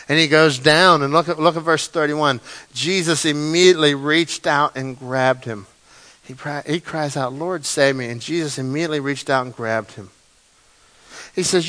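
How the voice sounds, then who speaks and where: A male pastor preaching a sermon, telling the story dramatically and swinging between loud and quiet passages. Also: mid-range voice, low-quality recording. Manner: animated, dramatic storytelling with big swings in loudness.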